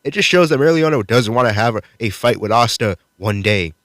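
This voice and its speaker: Recapping the fights of a manga chapter, a man speaks a little fast in an animated, slightly bright medium-pitched voice. His casual video review is laid-back, profane and enthusiastic, recorded in a clean studio with no echo.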